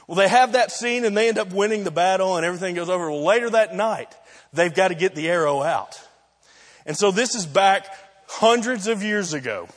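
A man's voice: sits high, animated, a little fast, long reverb tail. A man preaching a sermon, telling stories and acting out the voices in quotes. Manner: storytelling, acts out voices in quotes. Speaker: pastor.

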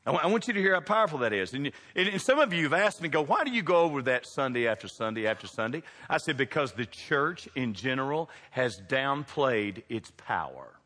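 A male pastor, preaching a sermon in a church and calling out to the congregation with big swings in pitch and loudness. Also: very animated, fairly quick, hardly any pauses. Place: church sanctuary. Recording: long hall reverb.

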